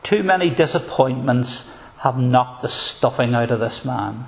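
A man preaching a sermon in an earnest, measured way, asking probing rhetorical questions. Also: medium pitch, expressive, gravelly.

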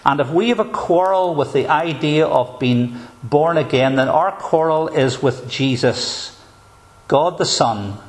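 Man, pastor's sermon, emphatic, measured pauses, mid-pitched voice.

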